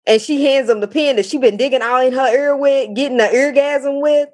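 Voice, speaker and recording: A woman's voice: sits high, fairly quick. A woman on a casual panel, blunt and offhand as she gives her opinion. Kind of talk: casual group chat.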